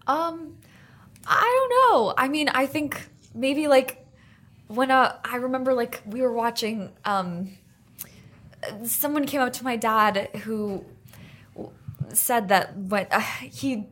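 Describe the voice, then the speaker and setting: A woman's voice: a little high, slow pace, a bit bright. A young woman, an actress being interviewed, speaking hesitantly and trailing off. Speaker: actress guest. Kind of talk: casual interview.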